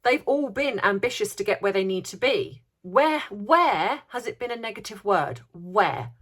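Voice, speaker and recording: A woman's voice: mid-range voice, expressive, a little slow, a bit bright, slightly rough. Woman vlogger ranting in commentary, sarcastic and indignant, keeps repeating words for emphasis. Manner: indignant, sarcastic, rhetorical questions. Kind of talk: opinionated commentary.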